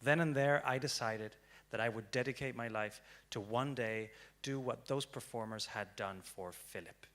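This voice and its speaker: A young man giving a prepared storytelling talk on stage, dramatic and swinging from hushed to loud. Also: mid-range voice, moderate pace. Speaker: speaker. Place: stage before an audience.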